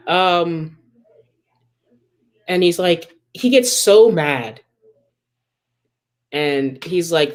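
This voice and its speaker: A man with a voice on the high side co-hosts a podcast, recapping a comic book plot in an unhurried way. His retelling rambles, full of ums, with quotes acted out as asides.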